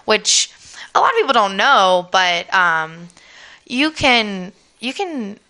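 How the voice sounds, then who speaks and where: A woman co-hosting a podcast, casually inventing a mock biography with playful deadpan storytelling. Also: mid-range voice, slow pace. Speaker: podcast co-host. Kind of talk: improvised comedic chat.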